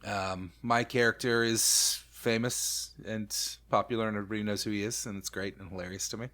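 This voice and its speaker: A man's voice: fairly low pitch, fairly even intonation, brisk, bright, forceful tone. A man hosting a podcast in casual chat, talking in an easygoing, rambling, self-mocking way. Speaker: podcast host.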